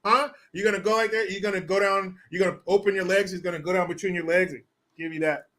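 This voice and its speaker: A man's voice: high-pitched, steady tone, fast, pushed and bright. A man hosting a livestream, talking casually and crudely, mocking with big theatrical swings. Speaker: livestream host.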